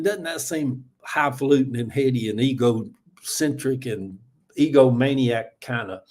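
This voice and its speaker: A man's voice: mid-range voice, unhurried, warm tone. A man of seventy with a Georgia Southern accent, chatting on a casual livestream in a rambling, folksy way, thanking viewers and trailing off with many uhs. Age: 70s. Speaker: livestream host.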